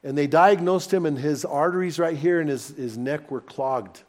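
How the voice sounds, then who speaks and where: A pastor in the middle of a sermon, his voice sitting a little higher than most men's. He tells stories to his congregation in an animated, personal way and builds them up with rising excitement. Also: normal speed. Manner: animated, personal anecdotes told warmly to a congregation. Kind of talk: sermon storytelling.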